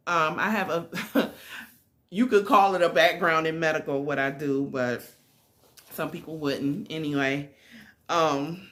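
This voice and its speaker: A middle-aged woman tells a personal story in a casual, animated way, leaning on fillers and emphasis. Her voice sits on the low side, yet it comes across bright and forceful. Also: unhurried. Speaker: vlogger telling a personal story.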